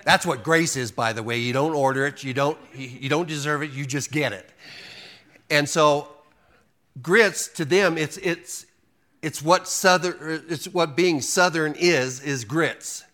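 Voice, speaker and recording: A man's voice: fairly high pitch, a little slow, sharp tone. A male pastor delivering a sermon in a church, with a folksy, humorous manner. He acts out short bits of dialogue for the congregation and often restarts his sentences mid-thought. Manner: folksy and joking, acts out quotes, frequent restarts.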